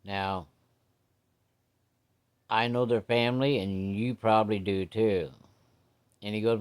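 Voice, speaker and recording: A man's voice: lowish voice, steady tone, slow pace, long pauses, clear, resonant tone. A man telling a story in a folksy, casual way, cussing freely and talking straight to his listeners.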